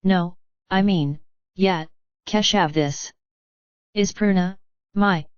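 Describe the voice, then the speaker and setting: A woman's voice: fairly low pitch, slow pace, clean tone, dry recording, highs cut off. A woman reading an audiobook, voicing a young man who is formal and tongue-tied around his fiancée. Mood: flustered.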